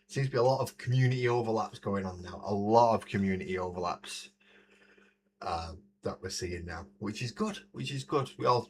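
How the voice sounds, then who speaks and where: A man's voice: fairly low pitch, a little hiss or hum. A man hosting a casual livestream, chatting and laughing often as he paints miniatures at a desk mic. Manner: chatty, laughs often, reads out chat messages. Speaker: livestream host. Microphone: desk mic, moved close to the face.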